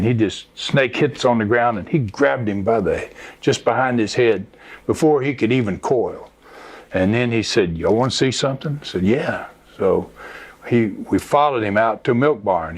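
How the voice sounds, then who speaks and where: A man from Mississippi, telling a story in casual conversation as an interview guest. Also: fairly low pitch. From Mississippi, USA.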